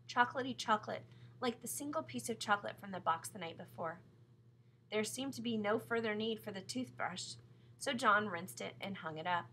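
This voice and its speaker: A woman reads a children's chapter book aloud in a steady, clear storytelling manner. Her tone is bright and crisp. A faint hum sits under the recording. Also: mid-range voice, poor audio. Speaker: narrator.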